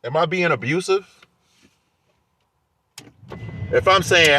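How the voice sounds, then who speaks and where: A man's voice: fairly high pitch, lively intonation, moderate pace, a bit bright, a little hiss or hum. A man vlogging in a heated, defensive rant, airing grievances to his viewers. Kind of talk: casual rant to camera.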